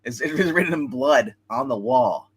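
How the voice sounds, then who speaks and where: A man's voice: mid-range voice, expressive, normal speed, noisy background. Rambling man retelling movie scenes. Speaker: movie review show co-host. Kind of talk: casual film review chat.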